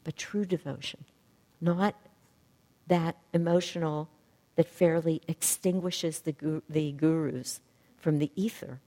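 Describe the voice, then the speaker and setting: Brief: woman spiritual teacher, low and mellow, reflective and unhurried in phrasing, recorded with a long reverberant echo. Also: steady tone. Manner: reflective, searching for words. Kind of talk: spiritual talk.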